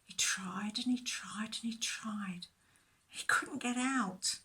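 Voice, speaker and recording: A woman telling a Bible story to children, expressive, with whispered asides. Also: a little high, takes it slowly.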